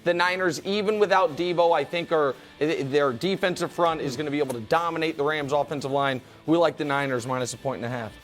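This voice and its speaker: Teasing high-voiced sports host. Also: male voice, soft background music. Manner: fast, teasing, dramatic storyteller. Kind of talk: sports debate show talk.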